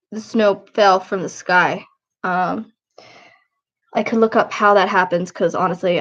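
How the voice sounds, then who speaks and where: A woman in her twenties chatting casually on a livestream, sniffly and tired, rambling in a low-key, self-deprecating way. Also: a bit bright, muffled recording. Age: 20s.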